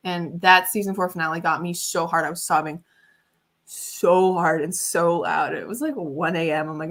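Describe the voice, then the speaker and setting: Chatty, giggly woman with a bright voice. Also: fairly low pitch, normal speed. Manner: chatty and giggly, lots of fillers. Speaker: livestream host and author. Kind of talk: casual chat on a writing livestream.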